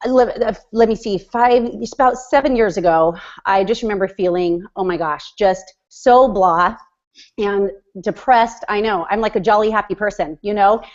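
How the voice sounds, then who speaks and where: A woman in her forties, a coach, sharing her story on a group call in a bubbly, excitable way. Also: medium pitch, moderate pace. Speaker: fitness business coach. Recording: dull lo-fi call audio.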